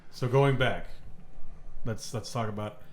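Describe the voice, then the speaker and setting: A man's voice: medium pitch, a little slow. A man hosting a casual podcast chat, steering the talk and asking questions.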